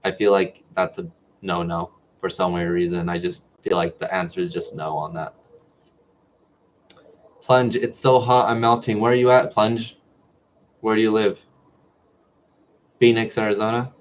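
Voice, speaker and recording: Pausing often, a low-pitched man speaks at normal speed with fairly even intonation. He's a twentysomething medical student from New Mexico hosting a relaxed livestream Q&A, reading viewer comments aloud and replying chattily, recorded in dull lo-fi sound.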